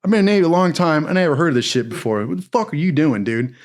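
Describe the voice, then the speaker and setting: A gruff boot camp chief snapping threats and curses at a recruit, the way a man acts him out while telling a story. His voice rides noticeably higher and louder than the teller's own, clipped and hard. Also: lively intonation, quick pace, natural voice. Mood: angry barking. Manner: barking, threatening, profane. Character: stern male navy boot camp chief, profane.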